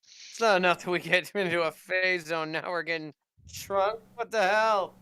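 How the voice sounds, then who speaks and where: A man's voice: high voice, moderate pace, sharp tone, clear, resonant tone, no echo. A man playing a tabletop game, voicing his character with exasperated protests. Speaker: player. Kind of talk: casual tabletop role-play.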